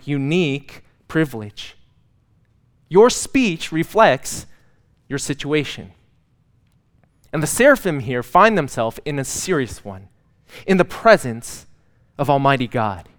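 Pastor guy preaching, kinda high smooth voice, chatty then punches the big words. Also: fairly bright tone. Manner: conversational preaching with dramatic emphasis on repeated words; self-deprecating humor. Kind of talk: sermon.

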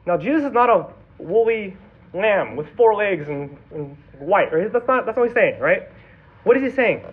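A man's voice: high voice, lively intonation, normal speed, husky. A man preaching to sixth graders with dramatic storytelling and emphatic repetition. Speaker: youth pastor. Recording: tinny phone-like sound.

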